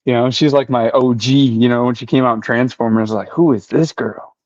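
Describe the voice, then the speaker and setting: A man's voice: medium pitch, fairly even intonation, fairly quick, darkish tone, no room sound. A man as a podcast guest, laid-back and casual, leaning on "you know" and "like". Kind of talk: casual chat. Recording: dry, dull lo-fi audio.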